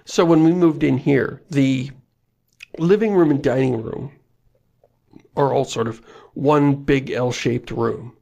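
Man, gravelly podcast co-host, casual chat, self-mocking jokes, frequent laughs. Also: medium pitch, slow pace, long pauses, mellow.

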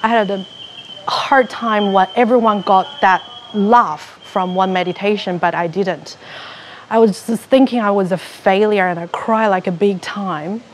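A woman from China, giving an animated personal testimony and acting out her own past thoughts as she tells her story. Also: mid-range voice, measured pace, slight background noise. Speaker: retreat participant.

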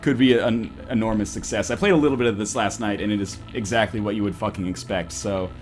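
With a fairly low voice and a quick pace, a podcast host jokes on a casual voice call and reads a visual novel aloud with mock drama, swearing often and staying animated. Faint rock music sits in the background.

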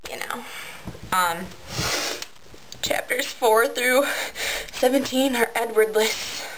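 A woman's voice: a little high, takes it slowly. Teen girl vlogger, bubbly and giggly, casual webcam chat with faint background hiss. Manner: bubbly, giggly, many ums and likes. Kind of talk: excited casual vlog chat.

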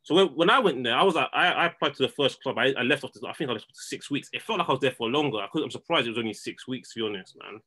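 A man's voice: mid-range voice, rapid-fire, hardly any pauses, slightly rough. A man, telling a story as a podcast guest in casual, slangy chat, often restarting his words. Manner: slangy, repeats and restarts words, animated retelling.

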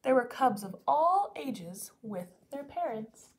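Teacher reading to young children, expressive and animated, swooping pitch. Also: female voice, slow pace. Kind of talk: reading a picture book aloud to children.

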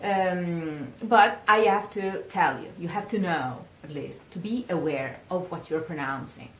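A woman from Italy with an Italian accent, a singing teacher giving a pronunciation lesson and repeating words slowly for the learner to echo. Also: on the low side.

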